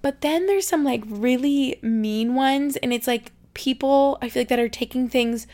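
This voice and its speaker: A woman's voice: high voice, moderate pace, darkish tone. A young woman hosting her podcast in casual solo chat, rambling with lots of "like" and openly emotional. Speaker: podcast host.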